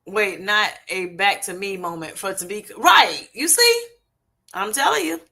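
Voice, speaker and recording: A middle-aged woman hosts a livestream through a streaming setup, chatting casually and laughing often while calling viewers honey and y'all. Her mid-range voice is animated and measured in pace, with vocal fry and a sharp tone.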